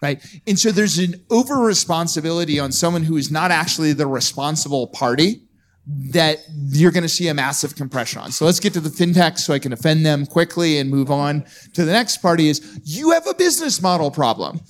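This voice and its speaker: A man's voice: on the high side, lively intonation, fairly quick. Blunt, provocative man at a live panel. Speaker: panel speaker. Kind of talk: live podcast panel talk. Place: conference event, live.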